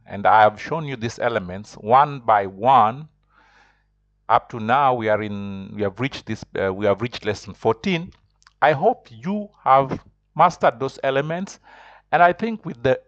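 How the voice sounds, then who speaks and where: A man's voice: mid-range voice, dry recording, lo-fi sound. A man teaching a beginners' French lesson online, explaining step by step and repeating himself often.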